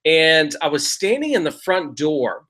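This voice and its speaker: A man's voice: on the high side, very animated, unhurried, bright, forceful tone. A middle-aged man telling a real estate investing story as a casual lesson, talking conversationally and often checking in with "right?".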